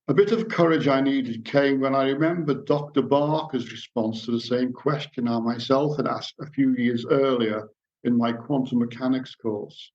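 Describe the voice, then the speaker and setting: Addressing a society meeting, this middle-aged man mixes anecdotes into his lecture and reads passages aloud, storyteller-style. The lo-fi, dull recording carries his darkish, ordinary-pitched voice.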